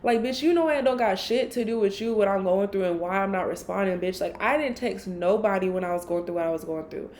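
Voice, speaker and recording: A woman hosting a solo podcast, telling a personal story in a blunt, profane, animated way. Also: mid-range voice, a little fast, few pauses, a little hiss or hum. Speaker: podcast host.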